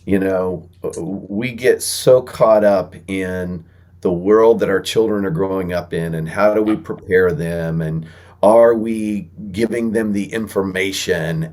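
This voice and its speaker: A man who is a guest on a podcast, telling church stories in an animated way and speaking earnestly about faith. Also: low voice, a little slow. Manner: animated storyteller, earnest when encouraging. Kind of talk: storytelling interview guest.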